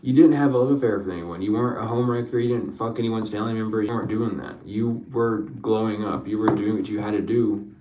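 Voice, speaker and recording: A man's voice: fairly low pitch, fast talker, dark tone, reverberant, distant mic, slight background noise, low-quality recording. A man giving an emotional spiritual reading, rambling, repeating his questions and swearing freely. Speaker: spiritual card reader.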